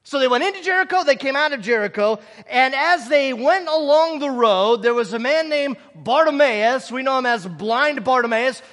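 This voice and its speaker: A man preaches with a very high, ringing voice, hammering each point home and drawing his listeners in with questions. His words trail off into the long reverb of a big hall. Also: expressive, normal speed, few pauses, fairly bright tone. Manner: repetitive, emphatic, draws in the audience. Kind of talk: sermon.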